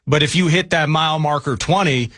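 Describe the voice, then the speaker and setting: Halting man on a radio show, dry sound. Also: a little high, a bit bright, no echo. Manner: musing, halting with many restarts. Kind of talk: casual sports radio talk.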